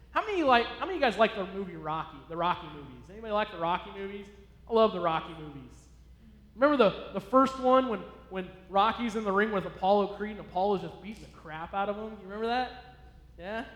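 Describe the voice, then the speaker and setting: A man's voice: high voice, lively intonation, fast, a bit bright. A male pastor preaching a sermon in a church, emphatic and repetitive, encouraging his listeners. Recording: echoey hall.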